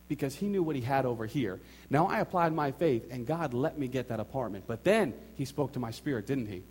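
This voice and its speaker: A man preaching a sermon, telling a personal story with animated acted-out quotes and repeated phrases for emphasis. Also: medium pitch, brisk, hardly any pauses, husky. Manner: animated storytelling, acts out his own and others' quotes. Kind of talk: sermon testimony.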